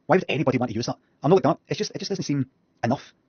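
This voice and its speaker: A man's voice: medium pitch, lively intonation, rapid-fire, breathy edge, no echo, highs cut off. A Scottish man streaming at his computer, reacting to videos with blunt, sweary, sardonic commentary. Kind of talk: casual live commentary. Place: indoors at a computer.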